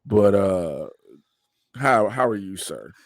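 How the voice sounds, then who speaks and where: A man's voice: slow pace, vocal fry, no room sound. A male podcast host in casual comedic chat, joking loosely and sore from a wrestling show. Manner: animated joking, jumps to high mocking voices.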